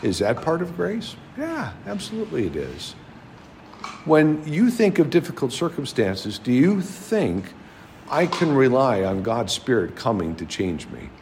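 Animated male preacher asking rhetorical questions. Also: mid-range voice, unhurried, a little hiss or hum. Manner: asks the audience many rhetorical questions. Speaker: preacher teaching a Bible class. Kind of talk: sermon.

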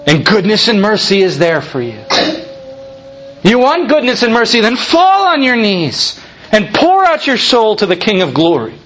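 A male preacher delivers a sermon in a high, animated voice that swoops up and down. He leans hard on rhetorical questions and builds to fervent, emphatic peaks. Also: moderate pace. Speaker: pastor.

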